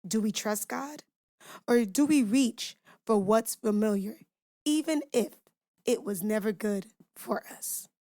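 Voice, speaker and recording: A woman's voice: a little high, slow, mellow, no echo, clean studio sound. A woman hosting a devotional podcast, teaching scripture in an emphatic preaching cadence, asking her listeners rhetorical questions and speaking to them directly and informally.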